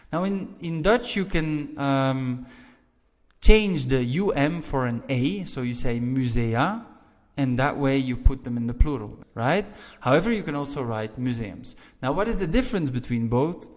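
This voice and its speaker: Man teaching in a reverberant room. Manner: explains step by step, often checking in with "right?"; stresses key words with sudden lifts in pitch and volume. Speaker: language teacher. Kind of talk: video language lesson. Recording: long reverberant room echo.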